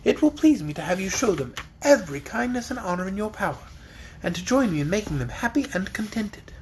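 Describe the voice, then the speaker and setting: A man's voice: sits high, big pitch swings, fairly quick, slight background noise. Male reader as a regal girl ruler: formal, gracious, firm. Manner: stately, formal.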